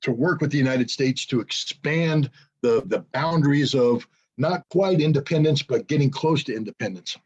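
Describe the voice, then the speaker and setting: A man's voice: medium pitch, normal speed, husky, lo-fi sound. An older man giving blunt, sarcastic political commentary as an interview guest over a video call, with many ums and restarts.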